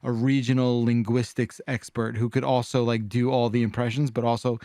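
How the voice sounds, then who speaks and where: A man's voice: medium pitch, flat delivery, moderate pace, dark tone, no echo. Podcast co-host, male, laid-back rambling talk, clean dry sound. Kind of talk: casual chat.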